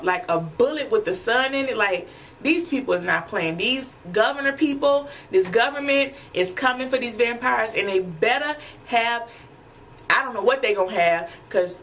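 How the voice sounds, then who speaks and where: Woman vlogger going off about a tv episode, kinda high voice, cussing a lot, calls everyone y'all, little bit of hiss. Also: fairly bright tone. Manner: chatty, blunt, freely profane, addresses viewers as y'all. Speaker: TV episode recapper. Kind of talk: casual recap vlog.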